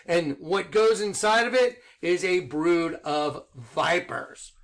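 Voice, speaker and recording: A middle-aged man giving an excited religious monologue online, insistent and rhetorical, repeating his points. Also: high-pitched, slow pace, few pauses. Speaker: online preacher.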